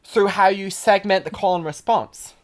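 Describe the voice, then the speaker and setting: A woman co-hosting a live music feedback stream, giving tips in a lively way and demonstrating with beatboxed mouth sounds. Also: mid-range voice, normal speed. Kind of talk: casual live-stream chat.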